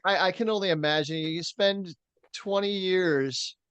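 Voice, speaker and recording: A man's voice: high-pitched, a little slow, smooth, dry recording. A man co-hosting a podcast, chatting casually about baseball and reading through stats with plenty of fillers. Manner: reads stats in a steady rundown, with fillers. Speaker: podcast co-host. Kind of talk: casual sports chat.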